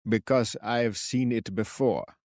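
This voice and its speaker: A man voicing a quirky old male forest sentry with a cracked, croaking voice, speaking slowly. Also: fairly low pitch, a little mellow, no room sound, studio quality. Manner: slow, quirky, chirpy.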